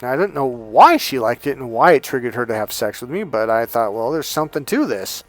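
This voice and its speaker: A middle-aged man tells a story in a casual, swearing, animated way, with a mid-range voice. The recording is dry and close. Faint music plays underneath. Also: medium pitch, brisk, no echo. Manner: profane, animated, laughs while telling. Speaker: dating coach.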